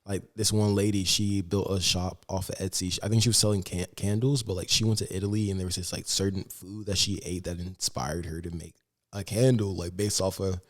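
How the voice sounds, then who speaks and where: Male podcast co-host, low voice, casual storyteller, loose and chatty. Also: fairly even intonation, brisk. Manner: chatty, many "like" fillers, storytelling. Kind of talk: casual chat.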